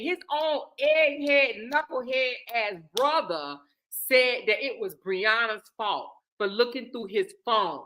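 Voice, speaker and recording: A woman's voice: high-pitched, animated, takes it slowly, fairly bright tone, rough recording. A woman hosting, reacting heatedly to an interview clip and talking straight to her viewers, often repeating herself. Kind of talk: casual commentary.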